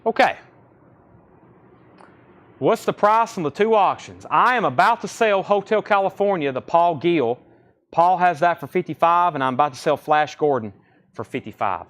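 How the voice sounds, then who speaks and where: A man selling records on a live stream from a record store, briskly repeating titles, condition grades and prices. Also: a little high, a bit bright. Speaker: record store livestream seller. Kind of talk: live sales patter.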